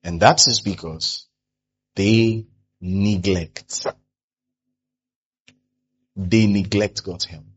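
A pastor preaching a sermon, animated, who often acts out the people he quotes. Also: sits low, drawn-out words, long pauses, slightly rough, lo-fi sound.

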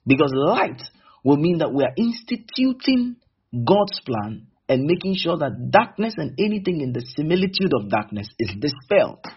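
A man's voice: a little high, big pitch swings, moderate pace, slightly rough, muffled recording. A man preaching a sermon emphatically, acting out little dialogues between people as he teaches.

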